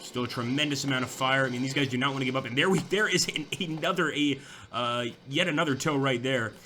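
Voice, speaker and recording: A young man chats casually while playing a strategy war game, thinking out loud with fillers and restarts. He speaks fast in a mid-range voice with a bright, forceful tone. There's slight background noise.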